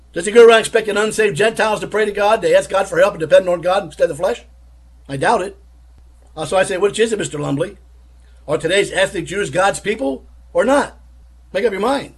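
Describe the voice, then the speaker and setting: A man's voice: sits high, slightly rough. A man giving critical religious commentary, arguing his case with pointed rhetorical questions.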